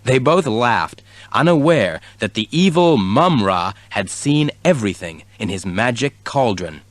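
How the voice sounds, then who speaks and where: A man narrating a children's story at a slow, measured pace. His voice rises and falls with lively expression, and the sound is close and dry. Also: mid-range voice, no room sound. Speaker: audiobook reader.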